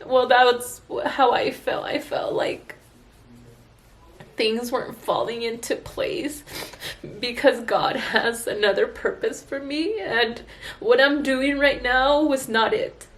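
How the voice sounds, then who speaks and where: A woman esthetician talking to her viewers in a personal vlog, tearful and earnest, halting with sighs and restarts. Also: a little high. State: tearful, crying. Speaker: esthetician vlogger. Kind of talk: emotional personal vlog talk.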